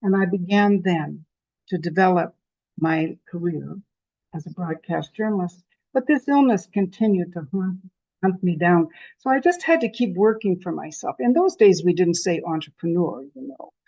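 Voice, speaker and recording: A Canadian woman past sixty-five, giving a lively motivational talk and telling her story with self-deprecating humor. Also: mid-range voice, creaky, dry recording, dull audio. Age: over 65. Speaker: conference speaker.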